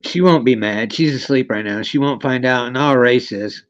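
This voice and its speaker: A man's voice: medium pitch, moderate pace, dull audio. A man chatting casually on a live stream, rambling and swearing, often breaking into laughter. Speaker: co-host.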